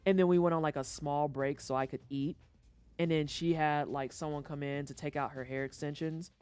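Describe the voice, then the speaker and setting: A livestreamer chatting casually over a video game, joking and swearing, with sudden high-pitched outbursts. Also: fairly even intonation, normal speed, darkish tone, smooth, faint music behind. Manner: chatty storytelling aside while playing. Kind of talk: casual gameplay commentary.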